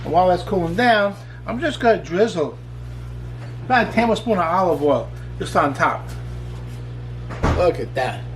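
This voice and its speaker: Guy with a pretty high voice doing a laid-back cooking demo, chatty, excited, cracks jokes, faint background hum. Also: moderate pace, pauses often. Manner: chatty and enthusiastic, with joking asides. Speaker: cooking show host. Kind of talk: casual cooking demonstration.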